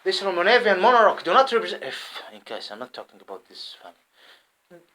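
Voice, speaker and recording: Impassioned rambling man, lively pitch. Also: a little fast, low-quality recording. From Arab world. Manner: rambling, repeats himself, swings between loud and muttered. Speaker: vlogger. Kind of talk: impassioned monologue to camera. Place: at home in England.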